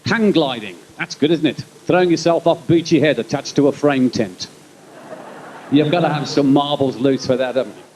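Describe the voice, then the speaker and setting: A man in his forties with a Birmingham accent doing live stand-up at an outdoor concert. He chats and rambles to the audience, with quick punchlines. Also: fairly high pitch, a little mellow, a little hiss or hum, low-quality recording. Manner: chatty, rambling asides to the crowd, quick punchlines. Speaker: stand-up comedian and concert compere. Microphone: stage microphone over a PA.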